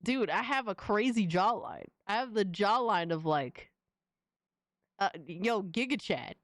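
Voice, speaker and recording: A woman's voice: medium pitch, lively intonation, measured pace, no room sound, clean studio sound. A young woman streamer reacting casually to fan images, slangy and exclamatory, often laughing.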